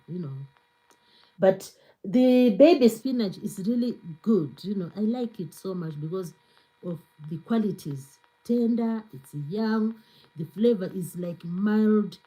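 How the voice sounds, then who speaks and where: A woman's voice: medium pitch, warm tone, rough recording. A woman hosting a cooking livestream, chatting casually, greeting viewers and reading their comments, repeating herself and laughing often. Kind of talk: casual live-stream chat reading comments.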